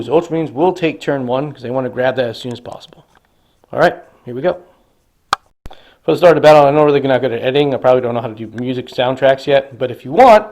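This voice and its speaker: A man's voice: mid-range voice, a little mellow. A man casually narrating a tabletop wargame battle report, enthusiastically dramatizing the action. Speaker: hobby wargamer.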